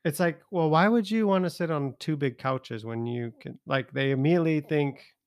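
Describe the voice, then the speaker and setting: A man's voice: a little high, moderate pace, smooth, no echo, studio quality. A man co-hosting a podcast, talking in a laid-back, hesitant way. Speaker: podcast co-host. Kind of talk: casual chat.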